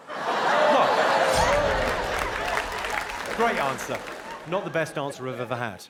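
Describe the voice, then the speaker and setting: A man's voice: mid-range voice, very animated, takes it slowly, very noisy. A man doing stand-up on a big theater stage, lecturing an audience member in a dry, mock-stern way. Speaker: stand-up comedian. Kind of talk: stand-up comedy set. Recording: live show with loud crowd laughter.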